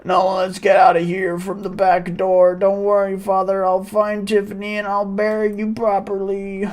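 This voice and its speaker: A man's voice: high voice, completely flat delivery, normal speed, darkish tone, voice pushed up, natural voice. A man voicing an earnest young male hero, reading his lines with urgency. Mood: urgent.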